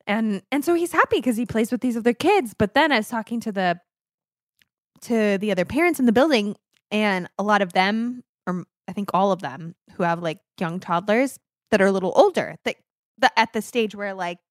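A woman's voice: medium pitch, expressive, normal speed, no echo, studio quality. A woman in her thirties co-hosting a podcast in casual chat, candid and rambling, often correcting herself mid-sentence. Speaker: podcast co-host.

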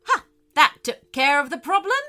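A woman reading a children's story, voicing a kind but stern female scientist who talks briskly and confidently. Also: high voice, wildly swooping pitch, pushed and bright, faint music behind, heavily acted.

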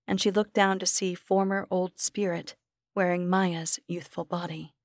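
A woman reading a horror short story aloud as narrator, measured and sometimes dropping to a whisper. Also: lowish voice, a little mellow, dry recording, studio quality.

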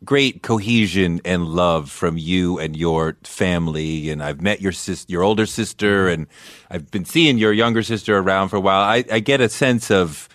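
Man with a low voice hosting an interview. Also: moderate pace, a bit bright, no room sound, clean studio sound. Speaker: host. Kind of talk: interview conversation.

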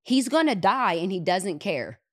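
A woman hosting a podcast, retelling a movie scene in an animated way and repeating words for emphasis. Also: mid-range voice, a little slow, no echo, studio quality. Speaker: podcast host. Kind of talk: retelling a movie in casual chat.

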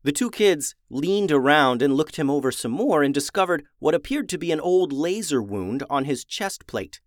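A man reading a children's adventure story aloud in a lively, expressive way. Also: a little high, moderate pace, dry recording, clean studio sound. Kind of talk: storybook read-aloud for kids.

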